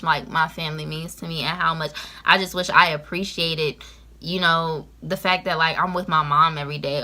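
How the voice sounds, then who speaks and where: A teenage girl from Georgia, giving casual advice in a vlog, talking straight to the camera. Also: lowish voice. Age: late teens. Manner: lively, talks straight to camera, lots of "you know what I'm saying". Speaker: vlogger.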